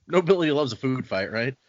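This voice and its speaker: Podcast host, man, bright and animated, quick to laugh. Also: medium pitch, dull audio. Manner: laughing, lively. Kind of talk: casual discussion.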